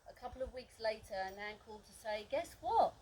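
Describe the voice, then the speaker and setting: At a memorial gathering, a woman with a medium-pitched voice reads a memorial speech for her friend in a steady tone and at a fast pace, recounting fond memories and frequently laughing. Background noise is present.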